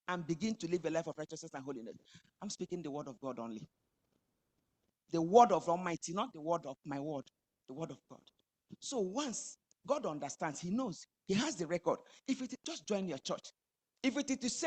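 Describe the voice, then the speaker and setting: A woman preaching a sermon, building emphatically to loud high climaxes. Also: animated, fairly quick.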